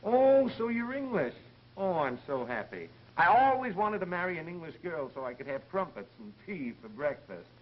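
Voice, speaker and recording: A man's voice: fairly high pitch, very animated, moderate pace, hardly any pauses. An actor playing a cheeky male insurance salesman who flirts and wisecracks. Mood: flirty. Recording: 1930s film soundtrack, dull and hissy.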